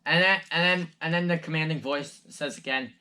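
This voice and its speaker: A man's voice: a little high, brisk, bright, forceful tone, a little hiss or hum. A male game master narrating a tabletop game, rambling with many restarts.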